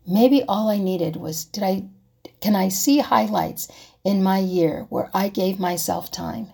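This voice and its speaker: Soft-spoken, husky woman musing aloud. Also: medium pitch. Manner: asks herself rhetorical questions, drops to soft whispers. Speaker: vlogger. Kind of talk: reflective personal talk.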